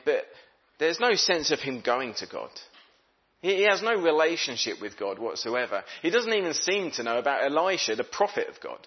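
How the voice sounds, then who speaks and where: A man's voice: on the high side, very animated, moderate pace, muffled recording. A man preaching a sermon, reading scripture aloud and talking it through in an easy, conversational way, sometimes voicing what the characters think. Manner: conversational, voices characters' thoughts.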